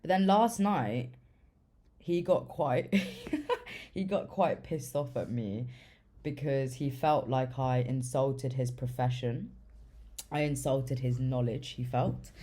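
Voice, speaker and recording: A woman's voice: low-pitched, warm tone. A young woman telling a story in a loose, casual way, full of swearing and fillers like "like". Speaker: vlogger.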